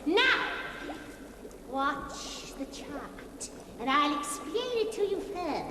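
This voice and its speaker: A woman voicing a bossy, scolding older witch in a children's educational TV sketch, shrill and cackling. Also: very animated, takes it slowly, echoey room, in a large hall, a crowd in the background, exaggerated voice. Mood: lecturing.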